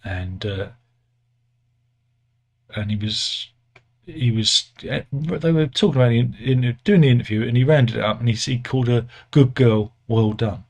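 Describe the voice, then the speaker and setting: A British man with an ordinary mid-pitched voice, talking through the news in a loose, sardonic monologue. He rambles, stumbles, restarts, and fills pauses with "um" and "uh." The tone stays dry and mocking throughout. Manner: rambling, sardonic, self-correcting with many fillers. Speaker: satirical news commentator. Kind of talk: casual satirical monologue.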